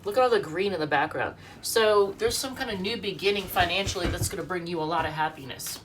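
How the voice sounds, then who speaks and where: Far from the mic and over a little hiss or hum, the tarot reader speaks quickly in a fairly low pitch. Sick and short of breath, she gives a chatty, wandering reading at home, voicing each card's meaning.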